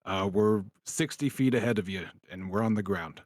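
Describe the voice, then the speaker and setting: A man's voice: on the low side, normal speed, dry recording, clean studio sound. A man casually playing a tabletop game, swearing now and then. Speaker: player.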